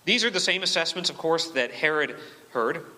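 Forceful preacher in a reverberant church. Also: male voice, on the high side, animated, moderate pace. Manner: emphatic, asks rhetorical questions. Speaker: pastor. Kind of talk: sermon. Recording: long reverb of a church hall.

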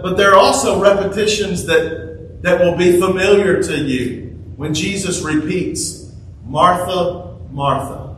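A man preaching a sermon, slow and deliberate, stressing words through repetition. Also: high-pitched, fairly bright tone. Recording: echoey room, speaker far from mic, faint noise.

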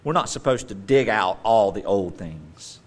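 A male preacher giving a sermon, animated and emphatic, with playful joking asides. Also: lowish voice, unhurried, slightly rough.

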